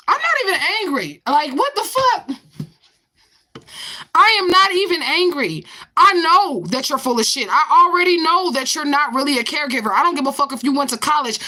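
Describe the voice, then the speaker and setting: A woman in her forties rants to camera in a confrontational, profane vlog, firing repeated questions back at a commenter. Her voice sits high and is bright and forceful.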